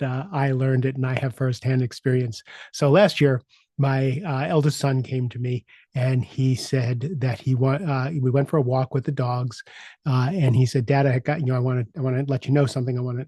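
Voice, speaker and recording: A middle-aged man hosts a coaching podcast and talks through a personal story in a loose, halting way, circling back with fillers and restarts. His voice is warm and mellow at an ordinary pitch. It is recorded dry and close, with no room sound. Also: no room sound. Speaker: podcast host and executive coach. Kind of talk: casual personal storytelling monologue.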